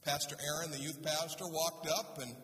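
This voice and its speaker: A male pastor telling a humorous story in a sermon, animated and lively. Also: on the high side, normal speed, a little hiss or hum. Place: church sanctuary. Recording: roomy church hall, voice from a distance.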